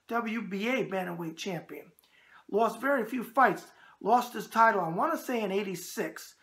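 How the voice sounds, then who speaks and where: A man's voice: high-pitched, normal speed, a bit bright. A brash man with a New York accent, hosting a boxing show and answering viewer emails with catchphrases and wisecracks.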